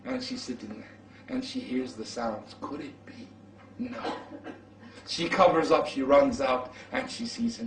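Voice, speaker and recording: A man preaching in the style of a storytelling sermon, animated as he acts out the dialogue. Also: medium pitch, measured pace, gravelly, distant mic. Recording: roomy echo from off-mic.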